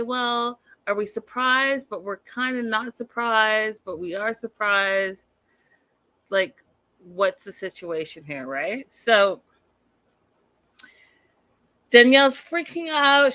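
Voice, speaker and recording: A woman's voice: mid-range voice, pushed and bright, no room sound. A woman hosting a live TV recap, chatting casually and animatedly, full of asides and filler words. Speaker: host of a live TV recap show. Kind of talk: casual chat, reacting to live chat.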